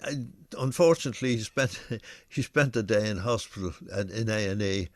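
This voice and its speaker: An older man, a singer co-hosting a live video show, chatting in a relaxed, reminiscing way with many fillers. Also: on the low side, normal speed, no echo. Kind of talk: casual chat.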